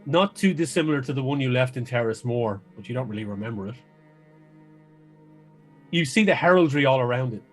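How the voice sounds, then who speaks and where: A man running a fantasy tabletop game, narrating scenes at an ordinary pitch. His storytelling is descriptive and unhurried, and he now and then stops to restart a phrase. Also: animated, faint music behind. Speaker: game master.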